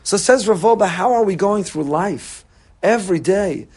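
A man's voice: high-pitched, animated, unhurried, a little mellow, slightly rough. A man giving an impassioned Torah sermon, repeating phrases for emphasis and weaving in Hebrew terms. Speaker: rabbi giving a Torah talk.

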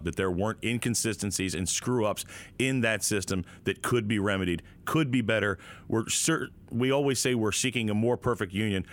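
A man hosting a talk show, speaking in a plain, conversational way. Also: lowish voice. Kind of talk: casual chat.

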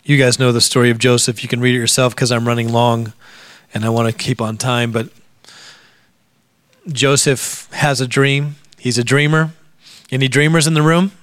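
Emotional pastor, dry close sound. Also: male voice, medium pitch, flat delivery, normal speed, a bit bright, no room sound. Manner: personal testimony, emotional, drops to near-whisper at times. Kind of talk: sermon.

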